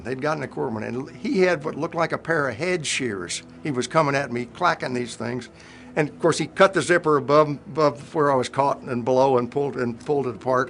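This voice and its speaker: A man's voice: a little high, a bit bright. An older man, a retired Marine helicopter pilot, telling a war anecdote in a wry, self-mocking way with plenty of fillers.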